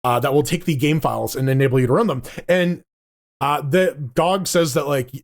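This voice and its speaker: A man's voice: on the high side, moderate pace. A man co-hosting a casual gaming podcast, rambling along with frequent restarts and casual swearing. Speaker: podcast co-host. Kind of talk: casual gaming news chat.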